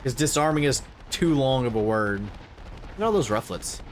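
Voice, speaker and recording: A man's voice: mid-range voice, animated, normal speed, slight background noise. Rambling, easygoing man streaming a game. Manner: rambling, trailing off quietly at phrase ends; filler-heavy, thinking aloud. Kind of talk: casual gaming livestream chat.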